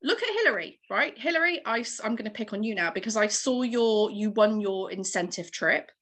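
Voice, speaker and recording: A woman's voice: medium pitch, lively intonation, a little fast, a bit bright. Earnest woman on a video call. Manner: encouraging, earnest and emotional. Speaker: team leader giving a motivational training. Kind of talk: motivational talk on a video call.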